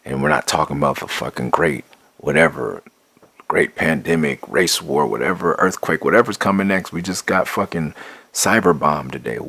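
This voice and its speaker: A man's voice: a bass voice, gravelly, a bit bright, husky, dry recording. A middle-aged man giving a blunt, profane, impassioned spoken monologue, restarting and building in intensity. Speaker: rapper sharing his views.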